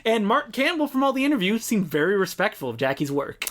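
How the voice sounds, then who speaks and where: A man's voice: high-pitched, big pitch swings, fast, fairly bright tone. A man co-hosting a film podcast, chatting casually and animatedly, laughing often and acting out quotes. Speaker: podcast co-host.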